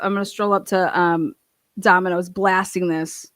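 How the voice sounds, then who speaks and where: A woman's voice: fairly low pitch, fairly even intonation, normal speed, a bit bright, dry recording, soft background music. A young woman telling a heated, profane storytime rant, full of swearing and laughs. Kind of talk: ranting storytime.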